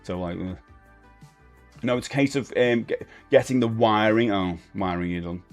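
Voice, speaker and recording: Rambling man, low voice. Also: normal speed. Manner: chatty, rambling, self-deprecating with frequent fillers. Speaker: livestream host. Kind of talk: casual chat with viewers. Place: home streaming room. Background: faint music.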